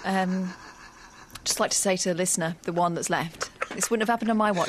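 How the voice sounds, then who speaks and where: A woman co-presenting a radio show, teasing and quick in casual banter. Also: fairly low pitch, noisy background.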